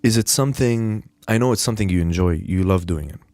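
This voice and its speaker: Un hombre que presenta un pódcast de entrevistas, en tono casual y conversador, riendo a menudo. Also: male voice, fairly low pitch, a little mellow, no room sound. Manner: casual, chatty, quick to laugh. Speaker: podcast host. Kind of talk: casual podcast interview.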